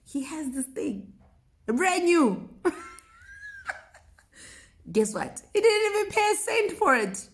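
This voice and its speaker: A young woman telling a personal faith testimony in a casual, animated way, often laughing. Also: very high voice, slow, pauses often. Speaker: vlogger sharing a testimony.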